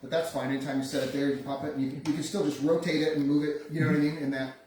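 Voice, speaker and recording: A game master narrates a live tabletop session, his voice slightly high for a man. He tells the scene in halting bursts, restarting his sentences. He sounds far off in a very echoey room with a faint hiss. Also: flat delivery, a little mellow. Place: room around a gaming table. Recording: echoey room, distant mic, faint noise.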